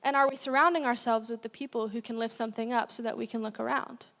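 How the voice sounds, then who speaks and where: A woman's voice: fairly high pitch, fairly even intonation, fast, fairly bright tone. A young woman giving a casual, chatty sermon as a guest speaker, with many fillers. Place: church hall. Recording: long hall reverb.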